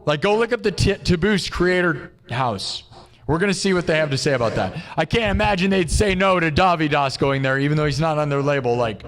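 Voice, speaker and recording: A man hosting a live stream, rambling excitably in casual chat and saying "dude" constantly. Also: a little high, brisk. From United States. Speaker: live-streaming musician and host. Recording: long reverb.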